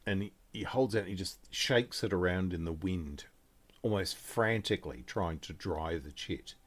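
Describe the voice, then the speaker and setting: A man narrating as game master of a tabletop game, in a relaxed, halting way with small fillers and restarts. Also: low voice.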